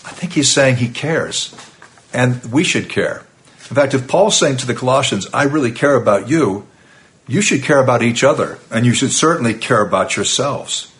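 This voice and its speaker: A man's voice: medium pitch, expressive, normal speed, a bit bright. A man giving an earnest, emphatic sermon in a conversational teaching tone, with occasional fillers. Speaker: preacher.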